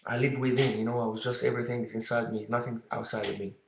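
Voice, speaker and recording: A man's voice: mid-range voice, little pitch movement, gravelly, a little hiss or hum. Rambling man telling a story. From Egypt. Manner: rambling, halting, fillers like you know. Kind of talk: casual storytelling to camera. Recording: dull, echoey room recording.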